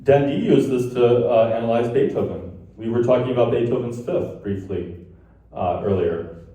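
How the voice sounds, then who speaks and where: Man, lecturer, mellow dark voice, distant mic, very echoey hall. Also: medium pitch, moderate pace, muffled recording. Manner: explains while tapping out rhythms in sung syllables. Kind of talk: conference lecture.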